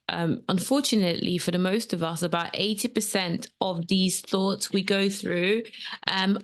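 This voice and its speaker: A woman's voice: mid-range voice, smooth. Chatty woman podcast host. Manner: chatty, rambling, with many ums. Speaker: podcast host and transformational coach. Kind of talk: casual solo podcast talk. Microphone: camera setup at home.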